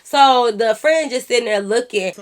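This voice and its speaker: High-voiced woman telling an animated storytime. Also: normal speed. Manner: animated, profane, addresses viewers as y'all. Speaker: YouTube storyteller. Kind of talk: casual storytime vlog.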